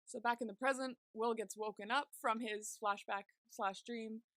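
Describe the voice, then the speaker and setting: A woman's voice: on the high side, fairly even intonation, normal speed, fairly bright tone, no room sound. A young woman co-hosting a podcast, casually recapping a series with lots of "like" fillers. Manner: chatty, many "like" fillers while retelling scenes. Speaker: podcast co-host.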